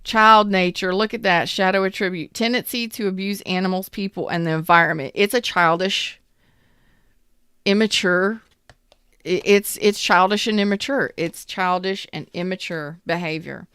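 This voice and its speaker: A woman's voice: medium pitch, steady tone, moderate pace, a bit bright, smooth, no echo, clean studio sound. A woman giving a live tarot reading in a chatty, blunt way, greeting viewers as she goes. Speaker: tarot reader.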